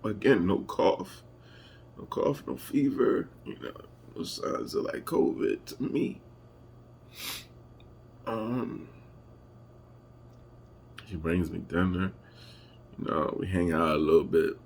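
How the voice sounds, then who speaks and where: A man telling a personal family story to camera, emotional and halting as he searches for words. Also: low-pitched, vocal fry, darkish tone, a little hiss or hum. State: emotional, holding back tears. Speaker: vlogger.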